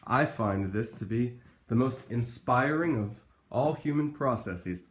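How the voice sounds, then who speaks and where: A man's voice: medium pitch, lively intonation, unhurried, a little hiss or hum. Wry man introducing a clip. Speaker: video host. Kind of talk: casual video commentary.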